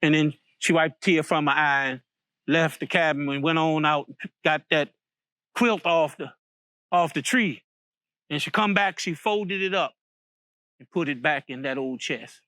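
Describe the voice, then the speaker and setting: A man's voice: a little high, measured pace, bright, forceful tone, no room sound, clean studio sound. A man from Virginia telling a folk story aloud, in a folksy way with many repeated words and restarts. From Virginia, USA.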